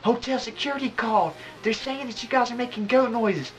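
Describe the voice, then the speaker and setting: A man putting on the high, frantic voice of his panicky young male roommate, repeating his denials. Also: fairly quick, soft background music. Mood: indignant.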